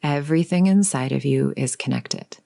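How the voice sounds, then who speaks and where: A woman in her forties hosting a reflective solo podcast as a coach, talking gently and unhurriedly, sometimes dropping to a soft whisper. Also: a bass voice, moderate pace, vocal fry.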